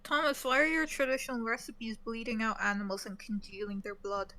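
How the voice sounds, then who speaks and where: A woman chats bluntly and swears freely while streaming a game, teasing the person she is talking to. Her voice sits a little high. Clear background noise runs behind her. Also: steady tone, a little fast, bright, forceful tone. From Poland. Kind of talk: casual chat while gaming. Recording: noisy stream audio.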